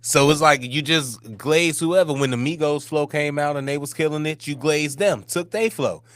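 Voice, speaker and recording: A man's voice: a little high, moderate pace, fairly bright tone, dry recording. Man co-host, rambling and easygoing, laughs often, dry close sound. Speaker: podcast co-host. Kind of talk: livestream reaction talk.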